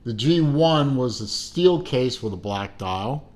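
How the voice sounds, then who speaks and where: Slow, rambling middle-aged man reviewing a watch. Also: medium pitch, lively intonation, a little mellow. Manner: slow, rambling, with many fillers and self-corrections; dry self-mocking asides. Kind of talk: casual unboxing review.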